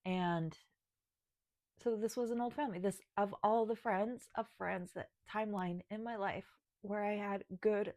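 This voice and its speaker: A woman's voice: mid-range voice, steady tone, a little slow, darkish tone, no room sound, clean studio sound. A woman talking to camera about her spiritual path, emotional and choking up, sighing and restarting as she speaks. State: tearful. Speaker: spiritual guide and video creator. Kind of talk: personal talk to camera.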